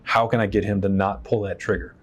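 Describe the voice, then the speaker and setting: A man's voice: lowish voice, level tone, brisk, husky. A man and military veteran, an interview guest telling personal stories in a casual, candid way, swearing freely and acting out the voices of people he quotes. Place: stage in his shop.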